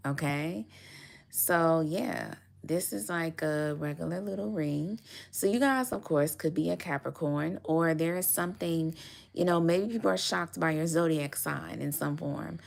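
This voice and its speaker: Low gravelly-voiced woman reading tarot. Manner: chatty, lots of fillers and little laughs. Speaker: tarot reader. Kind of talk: casual tarot reading for viewers.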